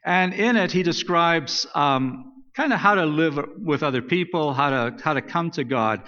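A man delivers a casual, talky sermon, restarting phrases as he goes and reading scripture passages aloud. His voice sits a bit high. The sound is dull and rings with long reverb from the church sanctuary. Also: animated, moderate pace, bright, forceful tone. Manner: conversational, self-correcting, reads scripture aloud. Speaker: pastor.

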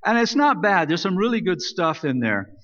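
A man delivers a casual, talky sermon, restarting phrases as he goes and reading scripture passages aloud. His voice sits a bit high. The sound is dull and rings with long reverb from the church sanctuary. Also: very animated, moderate pace, a bit bright. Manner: conversational, self-correcting, reads scripture aloud. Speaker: pastor.

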